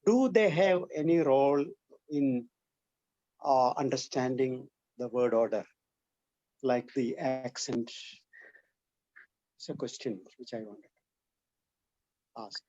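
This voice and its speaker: A man's voice: medium pitch, takes it slowly, long pauses, dark tone, no echo. Hesitant man asking a question on a dull call. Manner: hesitant, searching for words. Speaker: audience member asking a question. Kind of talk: academic Q&A on an online call.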